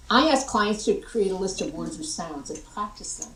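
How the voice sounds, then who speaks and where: A middle-aged American woman giving a lively conference workshop and demonstrating vocal tones to the audience. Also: mid-range voice, moderate pace. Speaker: workshop presenter. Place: large conference hall. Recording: echoey hall, voice from far off.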